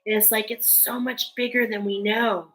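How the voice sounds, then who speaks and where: Woman doing an oracle card reading, bright voice, earnest and emotional, soft music under it. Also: medium pitch, flat delivery, normal speed, rough recording. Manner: earnest, emotional, reads card texts aloud with many fillers. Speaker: tarot card reader.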